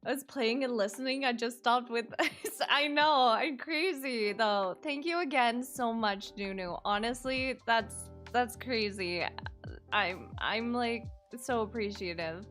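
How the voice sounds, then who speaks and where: A high-pitched woman streamer talks to her chat in an excitable, bubbly way, swapping swears for silly food-based exclamations. She speaks at an unhurried pace over faint game music. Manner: excitable, cutesy minced oaths.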